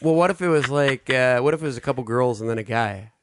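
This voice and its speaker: A man co-hosting a podcast, speaking deadpan and hesitant, full of fillers. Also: medium pitch, quick pace, slight background noise. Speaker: podcast co-host. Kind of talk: casual podcast banter.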